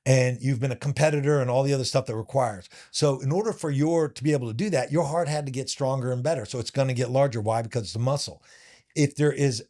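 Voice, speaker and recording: A man, a former professional fighter, who is a podcast guest and tells a story in casual conversation. He is animated and talks in restarts, full of "like"s. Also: mid-range voice, quick pace.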